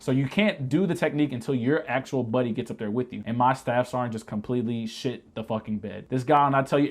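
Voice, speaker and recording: A man in a casual storytime vlog, retelling an army-style ordeal with heavy swearing and animated, shouted asides. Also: medium pitch. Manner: profane, animated retelling that shouts quoted lines. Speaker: vlogger telling a military story.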